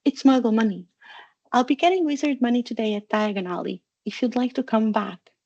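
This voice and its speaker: A woman's voice: fairly high pitch, brisk, highs cut off. Woman putting on an eager young girl witch. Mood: gentle. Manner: bright and breathless.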